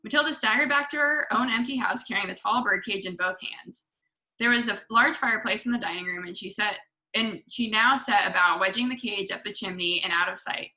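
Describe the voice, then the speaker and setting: Bright-voiced woman reading aloud. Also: mid-range voice, fairly quick, rough recording. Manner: expressive with small slips. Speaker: book club reader. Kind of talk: reading a children's book aloud.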